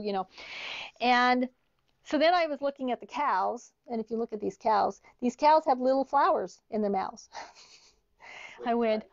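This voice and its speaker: A woman's voice: on the high side, moderate pace, no room sound, dull audio. A middle-aged woman teaching an online sewing class, chatty, telling stories as she demonstrates. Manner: chatty, storytelling asides. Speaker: sewing instructor.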